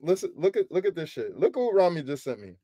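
A man hosting a sneaker channel, chatting casually with his viewers in animated slangy banter and laughing often. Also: on the high side, fast, no echo, studio quality. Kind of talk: casual streaming chat.

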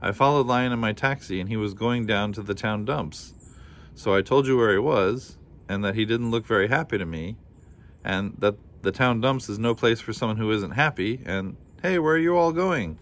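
A man's voice: on the low side, moderate pace, fairly bright tone, close to an everyday voice. A man voicing a chatty, puzzled animal taxi driver in a children's storybook.

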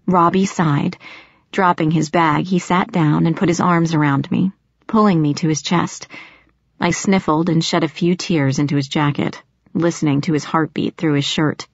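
A woman with a fairly low voice reads a first-person audiobook in a steady, expressive way. The recording is dry and close, with a slightly dull, lo-fi tone. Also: normal speed, creaky, no echo. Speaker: audiobook narrator.

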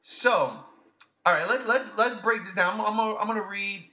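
A man hosting a casual podcast, gushing with excitement, swearing freely and repeating himself. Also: sits high, normal speed. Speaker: podcast host.

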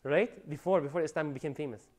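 A man giving an animated religious lecture, preaching with loud rising emphasis and Arabic phrases mixed in. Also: a little high, fast talker. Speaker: Islamic lecturer.

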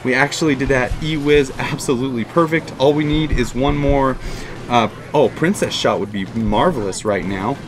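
Excitable man commentating his own gameplay. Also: mid-range voice, moderate pace, over music. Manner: excitable, talks to the game, repeats phrases. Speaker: gaming YouTuber.

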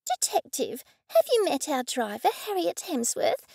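A woman's voice: high voice, sing-song, a little slow, gravelly, mellow, no echo, studio quality, voice pushed up, full character voice. Woman voicing a prim older lady. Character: poised older woman from a retirement home.

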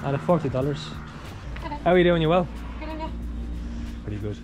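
A man's voice: a little high, lively intonation, normal speed, music in the background. A man hosting a casual travel vlog outdoors, chatty and upbeat, talking to his viewers as he walks along a street. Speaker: travel vlogger. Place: outdoors on a town street with passing traffic.

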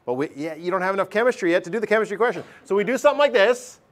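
A middle-aged man teaching a math class, lively and joking, acting out his students' voices. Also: sits high, very fast. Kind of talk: classroom lecture.

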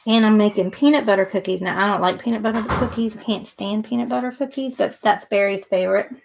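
A woman's voice: mid-range voice, fairly even intonation, fast, creaky, slight background noise. A middle-aged woman hosting a live painting tutorial, chatting and thinking aloud as she works. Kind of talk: live painting demo with casual chat.

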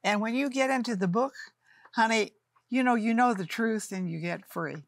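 A woman's voice: on the high side, normal speed, no room sound. An older woman co-hosting a talk show, speaking affectionately and calling people honey. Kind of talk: warm studio talk show chat.

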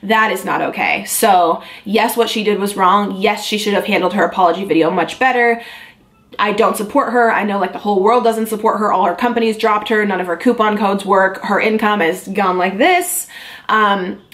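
This is a young woman talking straight to her viewers in a candid vlog. Her voice sits at a middle pitch. She speaks earnestly and confides in them, with plenty of ums and likes. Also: fairly even intonation, normal speed, fairly bright tone. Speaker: beauty vlogger.

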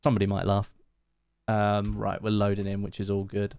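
Guy on a game stream, bit low voice, dry close sound, chatty, thanking chat. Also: monotone, fairly quick, creaky, a little mellow, no echo. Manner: chatty, thanks viewers one by one, laughs often. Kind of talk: casual live-stream chat while gaming.

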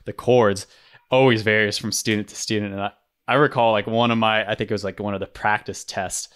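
A man's voice: on the low side, fairly even intonation, brisk, fairly bright tone, smooth. A man casually recounting a training story, rambling with many restarts. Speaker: former rescue swimmer guest.

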